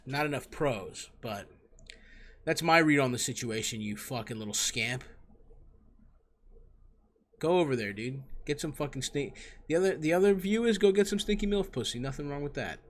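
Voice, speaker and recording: A young man hosting a comedy advice show, giving crude, profane and mocking answers to callers. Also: fairly high pitch.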